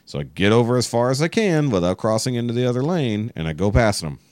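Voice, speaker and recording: A man's voice: medium pitch, sing-song, fast, darkish tone, dry recording. A man from Texas telling a long exasperated story in casual podcast chat, swearing freely. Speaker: podcast guest.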